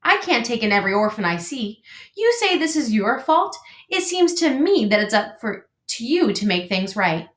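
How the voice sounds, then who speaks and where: Woman putting on a bossy old goose lady, storybook, high brisk scolding voice, lively, roomy echo. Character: old gray female goose, bossy and blunt.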